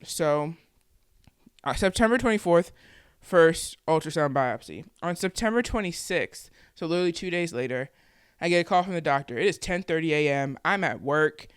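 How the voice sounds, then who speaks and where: A woman's voice: low-pitched, animated, normal speed, clear, resonant tone, dry recording, clean studio sound. A woman in her twenties telling her own story to the camera in a candid, conversational way, with plenty of "like" fillers. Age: 20s. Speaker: vlogger and podcaster.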